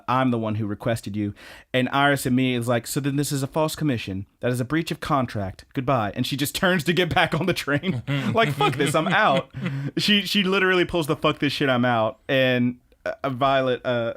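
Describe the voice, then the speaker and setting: A young man co-hosting a casual podcast and recapping a show in a loose, rambling way. He swears freely and fills his talk with "uh" and "like". His voice sits at an ordinary middle pitch. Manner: profane, rambling with many fillers. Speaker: podcast co-host.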